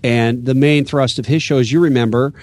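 A man's voice: mid-range voice, steady tone, brisk, darkish tone. A man from the United States, a guest author and radio host, explaining his views earnestly with many fillers and restarts. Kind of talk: casual interview talk.

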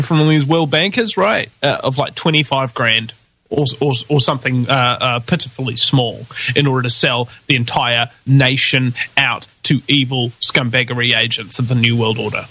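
A man with a New Zealand accent delivering a scornful, mocking political rant. His voice swings from low muttering to high, shouted outbursts. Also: animated, normal speed, breathy edge, no room sound. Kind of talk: ranting monologue.

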